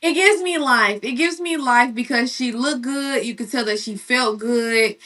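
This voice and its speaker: Bright-voiced woman co-host, chatty. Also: on the high side, unhurried, far from the mic. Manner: chatty, emphatic, repeats phrases. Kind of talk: casual sports and celebrity chat.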